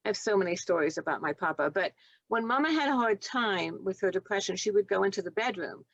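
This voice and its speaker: A woman in her seventies, a retired nurse telling heartfelt stories in an interview, earnest and gentle. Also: medium pitch, animated, fast talker, no echo, dull audio. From United States. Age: 70s. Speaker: guest, retired nurse and author. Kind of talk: reflective storytelling interview.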